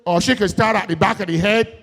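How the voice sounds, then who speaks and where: A Barbadian man with a high voice delivers a political rally speech, mixing folksy jokes with bursts of shouted emphasis. His words ring out with a long reverb tail from a big venue. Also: a little fast. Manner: folksy, joking asides, rising to shouted emphasis. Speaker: political speaker.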